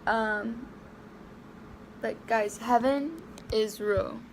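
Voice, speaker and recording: Her voice leaning high, a young woman recounts something personal to camera in a halting, tearful way, with many fillers and restarts. A little hiss or hum can be heard.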